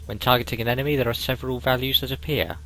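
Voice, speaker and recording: A man's voice: mid-range voice, fairly even intonation, racing, fairly bright tone, rough recording. A man doing casual game playthrough commentary, reading on-screen text aloud with dry asides. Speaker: gaming video host.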